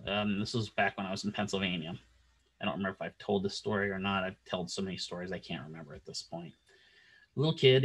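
A man's voice: lowish voice, husky. A man teaching physical therapy, telling a long clinical story in a casual lecture style and acting out the dialogue as he goes. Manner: animated anecdote-telling, acts out quoted dialogue.

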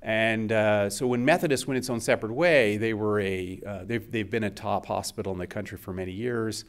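A middle-aged man speaks as an invited scientist at a seminar, his voice sitting on the low side. He keeps it conversational and loose, with plenty of uh and um fillers between phrases. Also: fairly quick, smooth.

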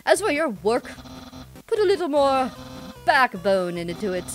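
Casting: a woman playing a raised, shouty, boastful skeleton guy in a game. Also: high voice, sing-song, unhurried, soft background music, voice pushed up. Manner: loud, shouty, grandiose. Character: loud boastful young male skeleton, eager and dramatic.

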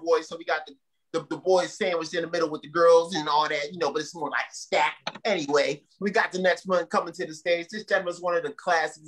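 A man's voice: a little high, fairly bright tone, low-quality recording. A male emcee at a live comedy show, introducing the next comedian with playful, hyped crowd-work patter.

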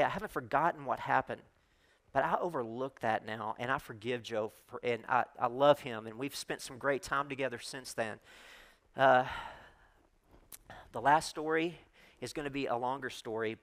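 A middle-aged man preaches as a guest speaker in a mid-pitched voice. He tells his story candidly and conversationally, with self-deprecating asides. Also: fairly bright tone. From United States. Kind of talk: sermon storytelling.

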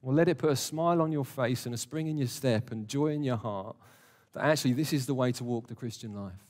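Speaking briskly in a mid-range, darkish voice, this man delivers an emphatic, conversational sermon with jokes tossed in. The setting is a warm church hall with a live congregation, captured with long reverb from the hall.

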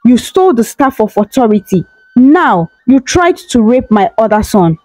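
A woman's voice: very animated, normal speed, darkish tone, no echo, faint music behind, low-quality recording. A woman voicing an enraged queen mother who scolds and accuses in a storybook telling. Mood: outraged. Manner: shrill, scolding.

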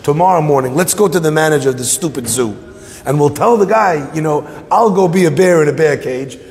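A man's voice: fairly high pitch, fairly quick, a little mellow, lightly acted. A man voicing an exasperated male bear stuck in the wrong job at a zoo, in a joke told from the pulpit. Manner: exasperated, pleading. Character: frustrated male bear stuck posing as gorilla. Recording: long hall reverb.

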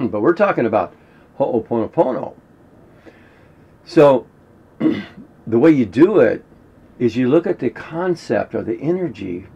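A man talking casually and rambling as he teaches a spiritual technique, clearing his throat often and swearing now and then. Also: mid-range voice, a little mellow. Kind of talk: casual instructional monologue. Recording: dull lo-fi recording with faint noise.

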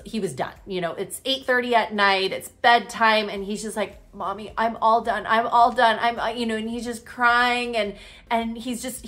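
Upbeat woman in her thirties, casual vlog storyteller, mid-pitched voice, chatty with lots of fillers. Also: pushed and bright. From Utah. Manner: chatty, upbeat, fillers like "literally" and "you know". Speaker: real estate agent and coach.

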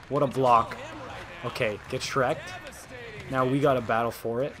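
A young gaming video host gives live gameplay commentary at a moderate pace. He's excitable and trash-talks, swinging from low muttering to sudden yelling.

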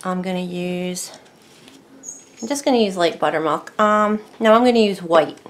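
A woman's voice: on the low side, normal speed. A woman teaching decorative painting in a casual tutorial, chatting and thinking aloud as she works at a close mic.

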